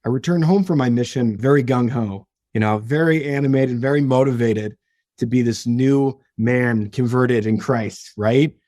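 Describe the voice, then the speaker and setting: A man's voice: medium pitch, moderate pace, darkish tone, no room sound, clean studio sound. A young man, a podcast guest, telling his own story earnestly and emotionally, often restarting his sentences. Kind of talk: personal story in an interview.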